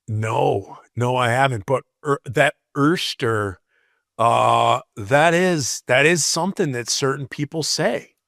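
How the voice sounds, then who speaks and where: A man co-hosting a podcast in casual chat, wry and a bit halting. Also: mid-range voice, gravelly, a bit bright, no echo, clean studio sound. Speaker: podcast co-host.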